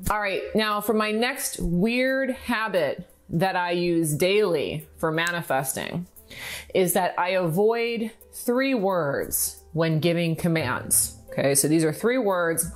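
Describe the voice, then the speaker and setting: Upbeat woman teaching, faint music behind. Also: medium pitch. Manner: upbeat, instructive, slows to stress key words. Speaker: manifestation coach. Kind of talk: direct-to-camera teaching vlog.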